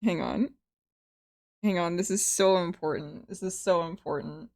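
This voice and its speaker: A woman's voice: on the low side, moderate pace, vocal fry, a little mellow. A woman streaming a story game from her home computer, chatting casually, laughing often and swearing freely. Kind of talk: casual live-stream commentary.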